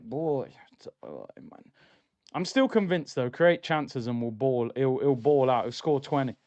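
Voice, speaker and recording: A man hosts a live football watchalong, chatty and opinionated as he reads out viewer comments. His voice sits a little high. The recording is dry, with no room sound. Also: darkish tone, smooth, no room sound. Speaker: livestream host.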